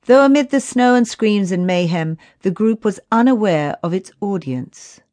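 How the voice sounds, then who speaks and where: A woman narrating a children's audiobook in a steady, unhurried way. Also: medium pitch, dry recording.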